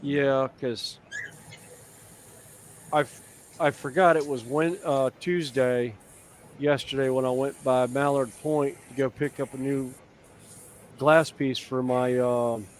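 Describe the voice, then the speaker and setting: A man's voice: mid-range voice, fairly even intonation, slow, long pauses, a little hiss or hum. Man, stream host, easygoing rambling talker, mid-range voice. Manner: rambling, filler-heavy storytelling. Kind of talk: casual chat.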